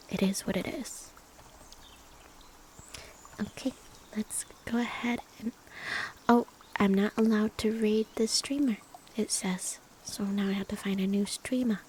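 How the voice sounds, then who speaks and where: A woman's voice: medium pitch, slight background noise. Whispering woman, playful streamer. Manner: soft whisper, playful and teasing. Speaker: ASMR streamer. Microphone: binaural or USB mic.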